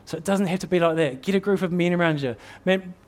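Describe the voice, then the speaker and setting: Earnest New Zealand preacher, high-pitched man. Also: fast, a little mellow. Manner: earnest, exhorting, repeats words as he builds. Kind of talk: sermon.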